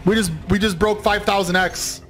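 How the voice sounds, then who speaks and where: A man streaming slot spins from home, screaming and laughing in disbelief at his wins, his voice hoarse and nearly gone. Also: sits high, steady tone, normal speed, fairly bright tone, soft background music, low-quality recording. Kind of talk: excited live-stream reaction.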